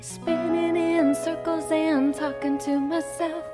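Woman, sung jingle, high, slow, loud music behind. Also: level tone. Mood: playful. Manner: slow, high, sing-song.

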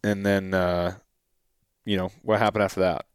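Low-voiced podcast host guy asking questions, dry close sound. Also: flat delivery, normal speed, smooth, dry recording. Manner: prompting questions, short backchannels. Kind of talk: casual interview chat.

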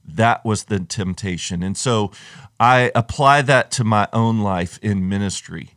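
A man's voice: fairly low pitch, a little slow, fairly bright tone, no echo, clean studio sound. A man on the church staff, co-hosting a podcast conversation and reflecting thoughtfully on what he has heard. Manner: reflective, affirming listener. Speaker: ministry staff member, co-host.

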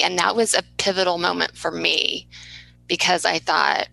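A woman hosting a podcast, heartfelt and rambling, often restarting her sentences. Her voice is lowish but bright, with gravelly fry and a dry close sound. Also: level tone, moderate pace, low-quality recording. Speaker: podcast host. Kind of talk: interview conversation.

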